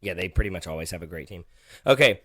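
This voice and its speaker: A man hosting a casual podcast chat, talking in a patient, gently teasing way as he explains things step by step. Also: sits low, animated, fast, husky, no room sound, clean studio sound. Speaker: podcast host.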